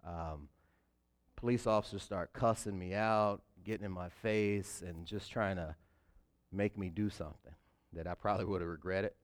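Deep-voiced man telling a church testimony. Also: steady tone, moderate pace. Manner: conversational storytelling with fillers. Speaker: deacon.

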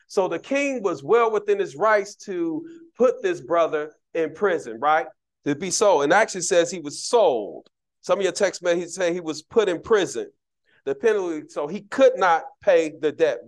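A man's voice: high-pitched, expressive, moderate pace. A man preaching a sermon as a deacon in a church, in a humorous, conversational way, with asides to the congregation.

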